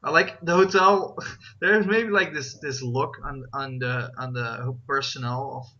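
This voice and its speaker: Man, game master, rambling, filler-heavy, very bright tone, muffled lo-fi sound. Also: mid-range voice, measured pace, a little hiss or hum. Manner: rambling, many fillers and restarts. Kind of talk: narrating a tabletop game.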